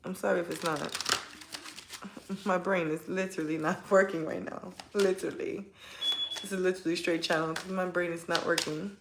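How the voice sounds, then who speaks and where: A woman's voice: fairly low pitch, fairly even intonation, a little fast, gravelly, noisy background. Chatty woman reading tarot in an echoey room. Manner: chatty and heartfelt, addresses viewers directly. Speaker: tarot reader. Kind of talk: casual tarot reading to viewers. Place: at home, kids nearby.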